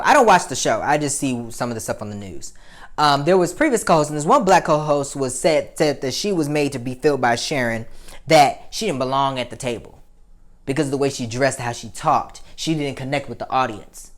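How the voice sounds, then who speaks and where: A young adult woman hosts a casual opinion commentary. Her voice sits a little low, and she talks bluntly and heatedly, swearing freely and leaning on fillers. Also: animated, a little fast. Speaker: commentary show host.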